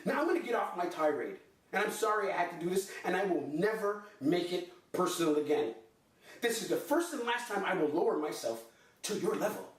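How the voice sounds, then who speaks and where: A man's voice: expressive, brisk. A man hosting a sports podcast, delivering an impassioned, theatrical comedic rant. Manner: impassioned and theatrical, swinging between low growls and high outbursts. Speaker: podcast host. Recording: echoey room, far from the mic.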